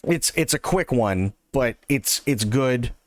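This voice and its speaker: A man's voice: medium pitch, expressive, takes it slowly, no room sound. Chatty male livestreamer. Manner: chatty, thanks chat warmly. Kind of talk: casual livestream chat.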